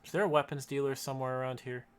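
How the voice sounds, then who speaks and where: A man's voice: mid-range voice, fairly even intonation, very fast, slight background noise. A man streaming a video game let's play, giving casual commentary with joking, wry asides.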